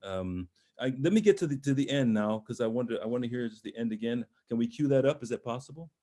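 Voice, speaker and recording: This voice coach speaks fast with lively intonation in a mid-range, dark-toned voice. Over a video call he guides a young singer through phrasing in a master class, encouraging yet hesitant, singing and speaking example words in French and German.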